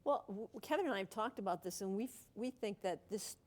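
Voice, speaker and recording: A woman, an author answering a question at a book talk, explaining in a measured way with a few stumbles. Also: medium pitch, lively intonation. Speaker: author and journalist.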